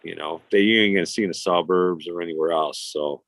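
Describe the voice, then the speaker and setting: Profane low-voiced man in his fifties. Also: fairly quick, fairly bright tone, dry recording. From Chicago. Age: 50s. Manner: profane, rambling, blunt. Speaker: podcast host. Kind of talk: casual storytelling chat.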